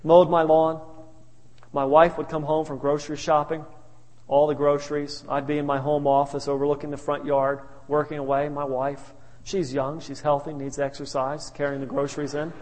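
In a reverberant hall, a pastor delivers sermon stories in a slightly high, somewhat mellow voice, flat and at a moderate pace. His anecdotes are funny, and he chuckles in asides.

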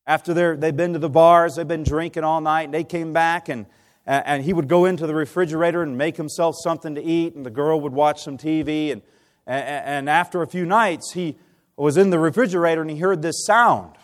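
A man delivers a sermon in a voice that sits a little high for a man. He moves between soft, drawn-out appeals and loud storytelling, often stopping to put questions to his listeners. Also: fairly even intonation. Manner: impassioned, swings from hushed to loud, asks the congregation questions. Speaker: preacher.

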